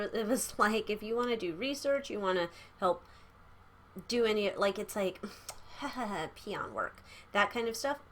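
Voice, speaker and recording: A young woman chats through a tarot reading in a small home room, rambling and giggling between thoughts. Her voice sits at an ordinary middle pitch. A faint background hiss runs under the camera mic. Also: fairly bright tone. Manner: chatty, rambling, giggly asides. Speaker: tarot reader. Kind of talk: casual tarot reading vlog.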